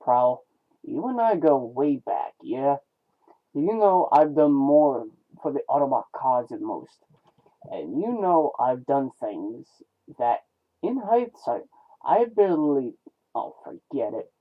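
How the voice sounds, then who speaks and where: A man's voice: medium pitch, very animated, takes it slowly. A man reading a comic aloud, voicing a defensive, earnest male robot with a troubled past who argues with an old comrade. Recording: tinny phone-like lo-fi sound.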